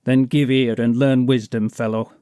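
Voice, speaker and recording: A man reading an audiobook, voicing a fat, boastful male kidnapper who talks loudly and mocks his listener. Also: mid-range voice, flat delivery, moderate pace, clean tone, no room sound, studio quality, close to an everyday voice. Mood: jeering. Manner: blustering, mocking, self-important.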